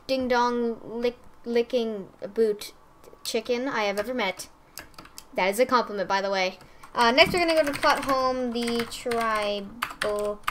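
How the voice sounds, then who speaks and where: A young woman hosting let's play commentary, gushing and excitable with frequent squeals and giggles. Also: a little high, slight background noise. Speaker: gaming channel host.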